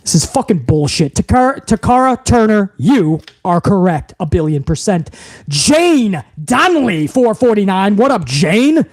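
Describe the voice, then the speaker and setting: A young man with a high-pitched voice rants on a live wrestling podcast stream, heated and profane. He reads viewer messages aloud between outbursts. The sound is very dry and close to a desk mic. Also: big pitch swings, a little slow, darkish tone, no room sound.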